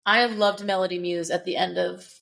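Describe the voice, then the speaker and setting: A young woman co-hosting a podcast, talking excitedly about an audiobook, swearing casually and acting out quoted lines. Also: fairly low pitch, a little fast, creaky. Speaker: podcast co-host. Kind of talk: casual book-discussion chat.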